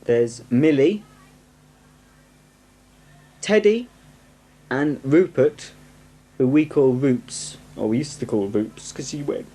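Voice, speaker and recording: A young northern English man rambles cheerfully at his camcorder, full of self-mocking asides. His voice is mellow and sits at an ordinary pitch. The sound comes from a 1990s home camcorder on a tripod indoors. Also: lively intonation, takes it slowly, long pauses. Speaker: home video host. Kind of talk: casual rambling home video chat. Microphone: camcorder microphone on a tripod.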